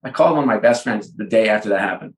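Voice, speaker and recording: A man's voice: on the low side, rapid-fire, vocal fry. A middle-aged man, a business leader, talking in an interview, telling stories and acting out the dialogue. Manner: animated storyteller, acts out dialogue. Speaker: sports executive guest. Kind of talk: conversational interview. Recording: roomy echo.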